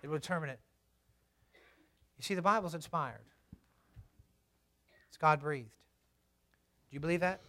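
A man, a pastor, delivering a sermon with animated storytelling, moving from soft asides to loud, emphatic preaching. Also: on the high side, a little slow, long pauses.

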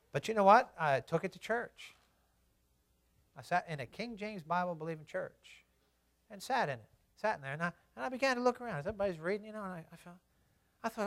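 A man, a pastor, delivering a sermon with animated storytelling, moving from soft asides to loud, emphatic preaching. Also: sits high, quick pace, long pauses.

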